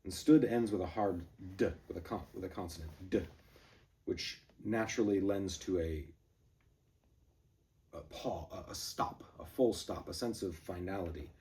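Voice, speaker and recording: A lower-pitched man with a mellow, dark tone reads verse at a rushing, driving pace and then slips into loose, rambling commentary full of ums and restarts. His voice sits a little away from the microphone. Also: recorded from a distance. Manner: brisk galloping recitation, rambling asides with fillers. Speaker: poetry reader and commentator. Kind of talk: poetry reading and casual commentary.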